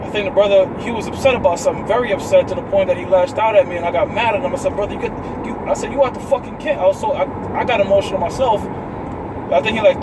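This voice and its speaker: A man's voice: sits high, noisy background. A man casually telling listeners about his religious dreams and visions, rambling and addressing them as brothers, outdoors in a city. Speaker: member sharing religious testimonies. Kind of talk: casual spoken testimony to a live audience.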